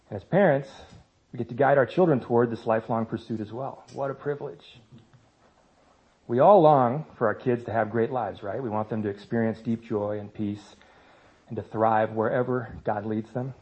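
Speaking at a medium pitch and normal speed, a thirtysomething man addresses a church congregation about raising kids. His church talk is conversational and full of self-deprecating humor, captured on a somewhat dull, lo-fi recording.

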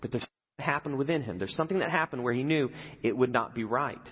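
A man's voice: mid-range voice, fast talker, breathy edge. A man preaching a sermon in a conversational way, often putting questions to his listeners. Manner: conversational, asks the audience questions. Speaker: pastor. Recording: echoey hall, dull lo-fi.

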